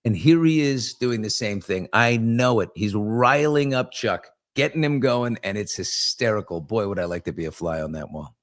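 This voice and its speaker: A man's voice: fairly low pitch, moderate pace, few pauses. A man hosting a casual live talk show, joking around and rambling with asides to his crew. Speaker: host.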